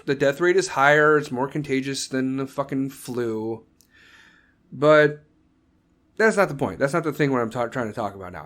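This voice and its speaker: A man's voice: a little high, fairly bright tone. A man who is an American combat veteran, hosting a solo podcast and ranting with heavy profanity. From United States. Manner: mocking voices when quoting others. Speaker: podcast host.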